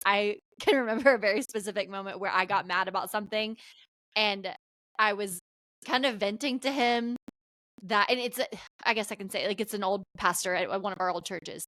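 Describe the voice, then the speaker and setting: A young woman co-hosting a casual podcast, chiming in with quick quips and retelling her own story. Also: medium pitch, a bit bright, dry recording. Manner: chimes in with quick quips and short agreements. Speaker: podcast co-host. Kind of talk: casual chat.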